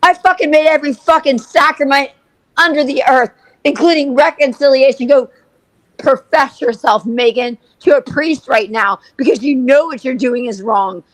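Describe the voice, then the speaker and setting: A woman's voice: sits high, moderate pace, no echo, rough recording. A woman co-hosting a livestream, ranting furiously and swearing constantly. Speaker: co-host. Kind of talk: livestream commentary.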